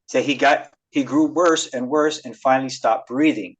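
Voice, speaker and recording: A man's voice: medium pitch, moderate pace, highs cut off. A man casually retelling Bible stories on a podcast, reading verses and paraphrasing them with lots of fillers. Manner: retells scripture loosely with many fillers and acted quotes. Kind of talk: casual chat.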